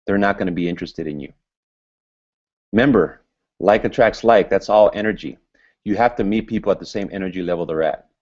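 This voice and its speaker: A man giving a motivational business training talk to a group, speaking loud and fired up. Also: on the low side. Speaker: business seminar presenter. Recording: dull lo-fi recording.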